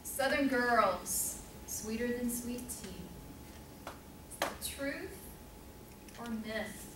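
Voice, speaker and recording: A woman's voice: a little high, extremely slow. A woman leading a meeting segment, giving playful, teasing prompts to speakers. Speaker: table topics master. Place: meeting room with an audience. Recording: echoey room from far off, loud crowd and noise.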